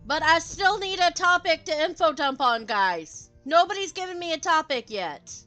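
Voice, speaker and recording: A woman's voice: extremely high pitch, lively intonation, normal speed, sharp tone, soft background music. A woman streaming a game live and chatting with her viewers in a rambling, playful way, slipping into silly voices.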